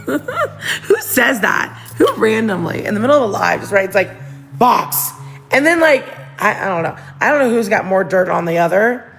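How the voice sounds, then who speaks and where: A woman's voice: mid-range voice, sing-song, moderate pace, creaky, a bit bright, soft background music. A woman hosting a casual livestream, chatting and gossiping with viewers in a giggly, rambling way, talking into her phone. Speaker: livestream host.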